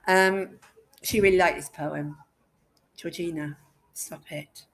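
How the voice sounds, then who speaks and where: A woman's voice: lowish voice, steady tone, slow. A woman English teacher giving a classroom lesson, chatty and jokey, quizzing her students as she goes.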